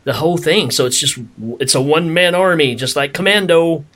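Slightly higher-voiced man, teasing co-host. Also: fairly quick, a bit bright. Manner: short interjections, teasing. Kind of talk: casual podcast chat.

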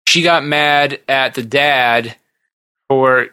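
A man hosting a podcast, chatting casually and retelling TV scenes in a rambling, animated way. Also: medium pitch, extremely slow, clean tone, no echo. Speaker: podcast host. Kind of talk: casual chat.

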